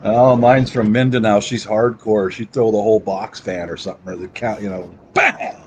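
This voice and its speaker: A man's voice: on the low side, steady tone, a little fast, a little mellow. A man chatting casually on a live stream, joking and laughing often and slipping into a mock tough-guy voice. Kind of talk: casual live chat banter. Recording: noisy home stream audio.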